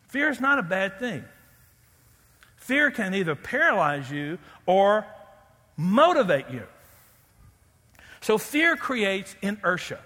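A man preaching a sermon as pastor, animated, acting out loud pleading prayers and making joking asides. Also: sits high, unhurried, long pauses, big-room sound.

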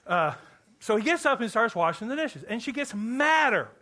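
A man from Kentucky preaching a sermon to a church congregation, animated and joking with the listeners. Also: extremely high pitch, moderate pace. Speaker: pastor.

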